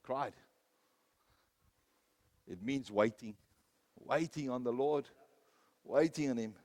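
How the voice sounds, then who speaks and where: A man preaching a sermon, telling personal stories, rising to loud, emphatic peaks and then dropping low. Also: slow pace. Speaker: pastor.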